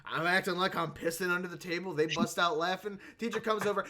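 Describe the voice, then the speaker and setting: Young man, podcast co-host, joking, bright voice, slightly high pitch. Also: fairly even intonation, quick pace. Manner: joking, laughs often, acts out quotes. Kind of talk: casual chat.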